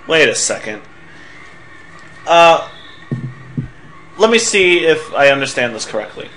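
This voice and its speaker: A young man commenting on a game as he plays, sarcastic and tired, swearing now and then. His voice is bright and forceful, with faint noise behind it. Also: fairly high pitch, very animated, measured pace, long pauses. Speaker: let's player.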